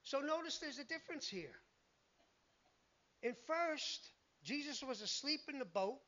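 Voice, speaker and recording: A man's voice: very high voice, expressive, unhurried, sharp tone, dull audio. A man preaching a sermon in an emphatic way, acting out the lines he quotes.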